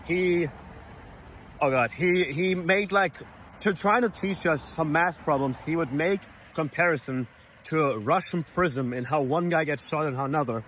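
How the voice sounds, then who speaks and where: A young man from Germany telling a college story in a casual, animated way, full of fillers. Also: on the high side, brisk, a little hiss or hum. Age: young adult. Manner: animated, many fillers like "like" and "you know". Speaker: vlogger, college student.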